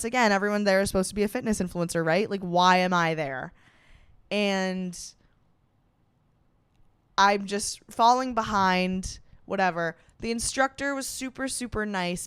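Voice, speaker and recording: A young woman spins a self-mocking comic story for her podcast, brash and quick to swear. Her voice is smooth and clear, recorded close and dry with no room around it. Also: dry recording. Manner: animated, jumps up in pitch for quoted voices. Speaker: podcast host.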